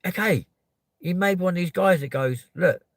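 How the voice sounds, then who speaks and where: A man from Kent, ranting on a live stream and answering chat, swearing and often rising to shouting. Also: high voice, a little fast, dry recording. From Kent, England. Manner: profane, heated, swings into shouting. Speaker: livestreamer.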